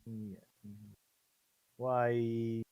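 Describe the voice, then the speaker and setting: A man's voice: mid-range voice, monotone, very slow, darkish tone, clear, resonant tone, no echo, lo-fi sound. A man serving as dungeon master who rambles and hesitates, with many fillers. His voice sits in an ordinary middle range. The sound is dry and close, with no room around it, over an online call. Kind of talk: casual chat.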